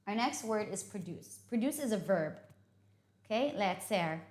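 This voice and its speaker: A woman's voice: medium pitch, expressive, a little slow, darkish tone. A woman teaching English vocabulary, explaining patiently and often checking in with "okay?". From United States. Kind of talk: vocabulary lesson. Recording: echoey room.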